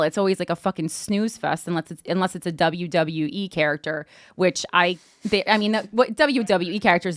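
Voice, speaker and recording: A woman's voice: on the low side, fairly bright tone, no echo, studio quality. A woman comedian hosting a show, rambling in a candid, wry casual chat. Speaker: comedian host.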